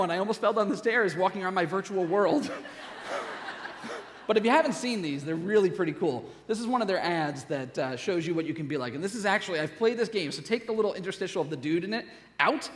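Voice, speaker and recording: A middle-aged man giving a humorous conference keynote, joking with quick asides and laughter. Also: a little high, a bit bright. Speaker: keynote speaker. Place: large conference hall. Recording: long hall reverb.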